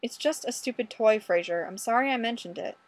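A woman's voice: on the high side, fairly quick, no echo, natural voice. A woman reading a brash male detective. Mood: subdued. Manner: blunt, exasperated, insistent.

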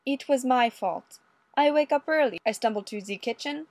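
A woman's voice: sits high, animated, normal speed, a little mellow, dry recording, pitched above the performer's own voice. A woman voicing a flamboyant Russian ballerina who speaks broken English with theatrical flair.

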